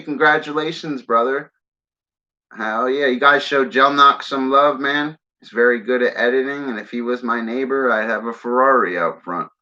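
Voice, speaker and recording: Philly-raised male streamer, loose rambling talker with a sharp tone. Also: mid-range voice. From Philadelphia area, US. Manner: rambling, keeps saying "man"; smokes while talking. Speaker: livestream host. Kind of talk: casual livestream chat. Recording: dull lo-fi stream audio.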